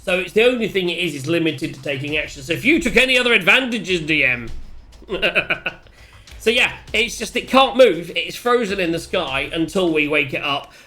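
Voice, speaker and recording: A man chatting excitedly as a player wrapping up a tabletop game session, swearing freely. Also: high voice, moderate pace. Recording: faint music behind.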